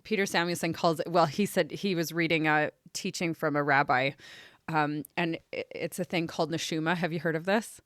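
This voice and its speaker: Woman podcast co-host, lowish voice, dry sound, gushing and chatty. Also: steady tone, fairly quick, a bit bright, no echo. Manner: enthusiastic, gushing. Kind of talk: casual chat.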